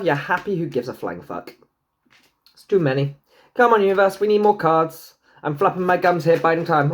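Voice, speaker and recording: A man giving a casual tarot reading to camera, swearing freely and joking with himself. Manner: chatty, swears freely, jokes to himself, talks back to the universe; lively pitch, swoops high into silly put-on voices. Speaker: tarot and numerology reader.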